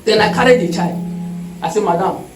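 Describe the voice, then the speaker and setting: A man's voice: extremely high pitch, animated, normal speed, roomy sound, distant mic, over loud music, poor audio. A man preaching a testimony sermon, telling the story with emphasis and calling out hallelujahs.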